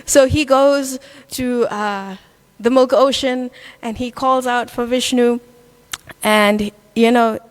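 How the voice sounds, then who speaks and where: A woman teaching a devotional scripture class, telling a story in a lively way with many fillers. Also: on the high side, takes it slowly. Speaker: class speaker.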